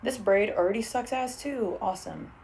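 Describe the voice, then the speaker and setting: Chatting on a livestream from home, this young woman curses without restraint and reads out comments from viewers while she braids her hair. She talks at a moderate pace in a mid-range, creaky voice with a darkish tone, and there's slight background noise.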